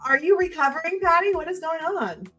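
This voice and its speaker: A woman's voice: very high voice, a little fast, fairly bright tone, soft background music. A woman hosting a casual chat show, upbeat and teasing, laughing with her co-hosts. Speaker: host.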